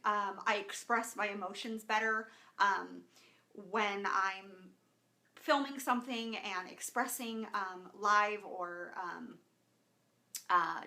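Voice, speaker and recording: A woman's voice: mid-range voice, sharp tone. A woman in her thirties from Southern California, talking casually to viewers in a live video, greeting them by name with lots of fillers and openly emotional. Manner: openly emotional, close to tears. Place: indoors at home with camera and lighting setup.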